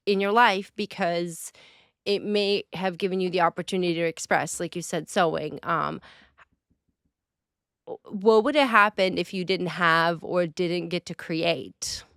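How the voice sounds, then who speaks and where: A woman's voice: fairly low pitch, clear, resonant tone, dry recording. Chatty woman host, dry close sound. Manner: chatty and animated, rambling with playful asides. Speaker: podcast host. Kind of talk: casual chat.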